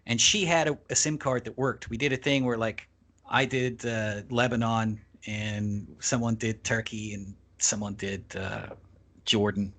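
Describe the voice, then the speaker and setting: A man's voice: fairly low pitch, steady tone, unhurried, fairly bright tone. A man, a podcast guest, telling a long travel anecdote in casual, profanity-laced talk. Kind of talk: casual storytelling.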